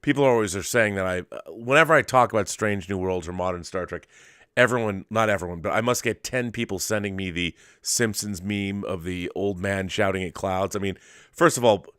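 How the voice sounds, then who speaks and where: A man's voice: sits low, a little fast, fairly bright tone, clear, resonant tone, no room sound. A middle-aged man hosting a late-night casual monologue from his home studio, rambling and restarting his sentences. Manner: rambling, restarts often, drops to a murmur with his dog. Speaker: host.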